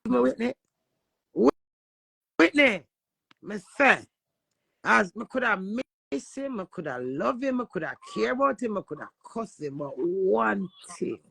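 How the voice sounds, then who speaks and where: Jamaican woman streamer, gravelly, dry close phone sound, brash live rant. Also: a little high, lively intonation, measured pace, long pauses, pushed and bright, no room sound. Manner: brash, swearing, talks back to viewers.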